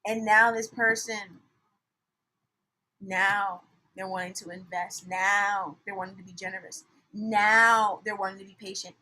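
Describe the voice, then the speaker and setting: A young woman giving a casual tarot reading, animated and blunt, swinging from soft muttering to loud outbursts. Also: medium pitch, measured pace, low-quality recording. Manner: animated, swings from soft mutters to shouts, laughs often, swears. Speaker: tarot reader.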